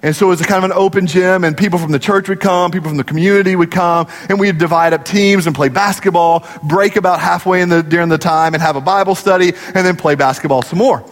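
High-voiced pastor in a reverberant hall. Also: male voice, fast talker, hardly any pauses. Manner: animated storytelling, rising to emphatic peaks and dropping low for gravity. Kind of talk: sermon.

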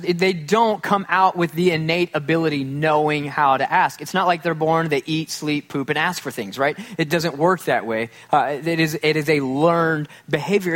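A man's voice: on the high side, a bit bright. A male pastor preaching a conversational sermon, with self-deprecating humor, who often acts out quoted voices.

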